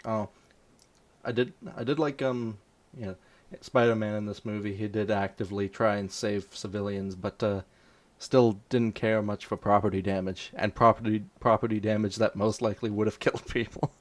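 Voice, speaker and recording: A man with a low, flat voice speaks casually as a podcast guest. He hesitates and trails into fillers, with little lift in his tone. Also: moderate pace. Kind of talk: casual chat.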